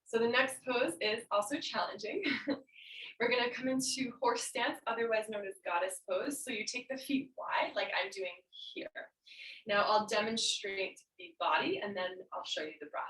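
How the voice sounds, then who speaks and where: Guiding a yoga class, a woman talks students through breathing and poses while showing them herself, a little winded. She speaks at a moderate pace in a slightly high, somewhat bright voice, captured roomily from a distant mic.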